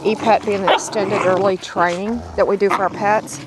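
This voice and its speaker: A woman's voice: medium pitch, steady tone, normal speed, very noisy. A middle-aged woman, a dog breeder, narrating a casual home video in a chatty, rambling, affectionate way. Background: puppies squealing and playing.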